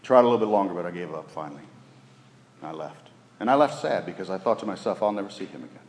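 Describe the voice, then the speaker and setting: Pastor, male, lower register, delivering a sermon with big swings in volume; recorded in a roomy, echoing sanctuary. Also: animated, fast. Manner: swings from loud urging to hushed near-whispers. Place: church sanctuary.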